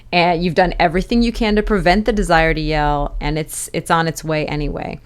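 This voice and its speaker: A middle-aged woman hosting an education podcast, giving candid advice in a conversational way with little laughs. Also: fairly low pitch.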